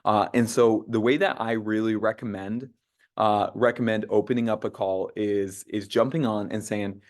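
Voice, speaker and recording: A young man with a fairly low voice and steady tone leads an online sales training call at a moderate pace. The casual team talk is full of "uh" fillers and restarts, and he acts out sample phone lines.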